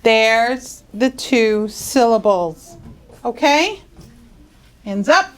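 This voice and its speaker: A woman teaching young students phonics in a school classroom, drawing words out slowly and asking coaxing questions. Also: on the high side, expressive. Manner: slow, drawn-out, coaxing questions.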